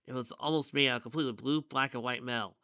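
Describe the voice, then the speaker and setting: A man narrating a fan-made story in a bright, sharp voice that sounds dry and close to the mic. He keeps stepping out of the story to add eager side comments. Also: mid-range voice, fast talker, no echo. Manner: breaks off into excited side comments. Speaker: fan fiction reader. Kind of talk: reading a story aloud with asides.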